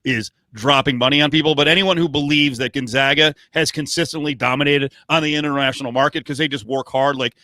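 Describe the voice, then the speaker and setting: A man co-hosts a casual sports podcast, his voice bright and forceful. He rambles with restarts and fillers and swears freely. The sound is close and dry, with no room around it. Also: fairly high pitch, steady tone, brisk, hardly any pauses, no echo. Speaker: podcast co-host.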